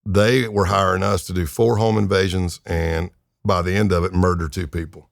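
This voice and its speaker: A man's voice: low voice, little pitch movement, moderate pace, gravelly, no room sound, studio quality. A middle-aged man, a retired undercover agent, telling crime stories in a casual, laid-back way, with lots of fillers and chuckles. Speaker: retired FBI undercover agent, podcast guest. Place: podcast studio.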